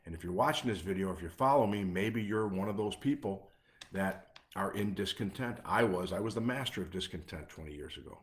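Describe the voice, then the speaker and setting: A man with a Chicago accent gives a live motivational talk as a coach. His voice sits a little low, and he hammers his points with short, repeated lists. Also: lively intonation, a little fast. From Midwest US. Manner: emphatic, repetitive, punchy lists. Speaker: anxiety coach.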